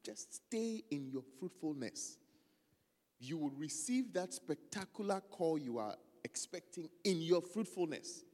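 A man preaching a lively sermon, loose and joking, often stopping to find his place in the text. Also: on the high side, a little slow, in a large hall. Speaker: pastor.

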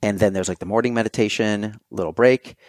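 With fairly low pitch, fairly even intonation, and a slightly fast, slightly mellow delivery, a male podcast guest talks casually in a dry recording. He tells stories with animation, acts out his own quoted thoughts, and uses many fillers in his loose style.

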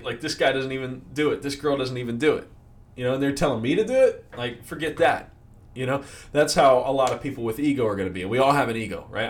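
A man in the financial services industry giving a casual motivational talk, often checking in with "right?" and filler words. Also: fairly low pitch. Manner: conversational, many fillers and "right?" tags. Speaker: sales leader in financial services.

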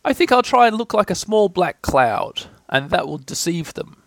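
A man voicing a gentle, simple-minded bear in a storybook reading, speaking slowly and earnestly. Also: high-pitched, sing-song, creaky, no room sound, voice pushed up, full character voice. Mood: musing. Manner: slow, earnest and ponderous.

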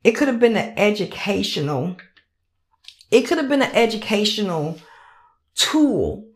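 A woman hosts a podcast, delivering a casual commentary monologue in a mid-range voice at a measured pace. She's animated, repeats herself, and acts out little voices.

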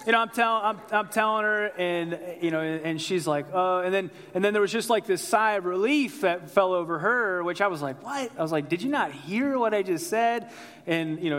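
A man's voice: high-pitched, fairly bright tone, long reverb tail. A man preaching as a pastor, telling a personal story in a loose, conversational way and calling out to the congregation. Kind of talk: sermon.

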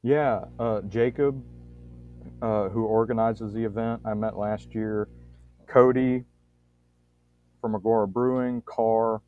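A man from Louisiana chatting casually, an animated storyteller who swears freely. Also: lowish voice, slow pace, long pauses, narrow, tinny audio, soft background music. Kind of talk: casual chat.

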